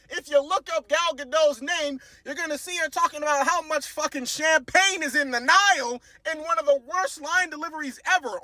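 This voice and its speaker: A young man ranting in a casual movie review, animated, exasperated and profane, sometimes bursting into shouts. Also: extremely high pitch, dry recording.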